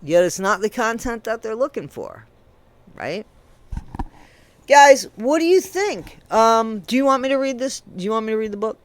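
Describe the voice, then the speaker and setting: A fairly high-pitched man delivers an indignant true crime rant straight to his audience. He swings from loud, emphatic bursts to low muttering. The sound is dry and close, with no room echo. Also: lively intonation, normal speed. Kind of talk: ranting commentary to camera.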